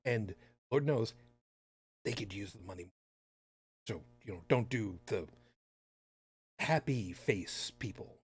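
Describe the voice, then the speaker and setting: A man's voice: on the low side, expressive, slow, long pauses, husky. A man hosting a podcast in casual chat, talking with sarcastic, rambling asides. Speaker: podcast host.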